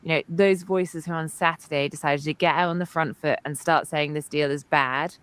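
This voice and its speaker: A woman's voice: sits low, steady tone, normal speed, fairly bright tone, clean tone. A woman co-hosting a political talk show, adding her own points fluently with frequent "you know"s. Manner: fluent, adds points with frequent 'you know'. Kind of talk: political commentary chat.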